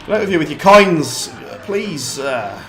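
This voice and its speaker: A British man with a slightly high voice talks his way through a live game stream, chatty and quick to call himself an idiot. His frustration flares in short exclamations, and faint game music plays underneath. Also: lively intonation. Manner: chatty, self-mocking, quick bursts of frustration. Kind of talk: live gameplay commentary.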